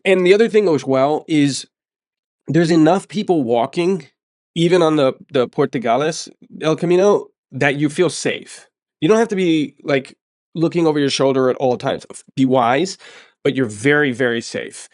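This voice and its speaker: A man with a slightly raised voice recounts his travels in a relaxed interview, recorded close and dry. He talks with eager emphasis and repeats words to drive a point home. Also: on the high side, moderate pace, dry recording. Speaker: podcast host sharing his story. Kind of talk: casual interview storytelling.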